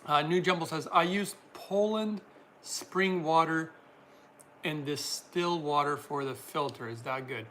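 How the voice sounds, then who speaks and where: A man's voice: on the high side, measured pace, fairly bright tone, a little hiss or hum. A man hosting a casual livestream, reading out viewer comments and answering them in a chatty way, laughing often.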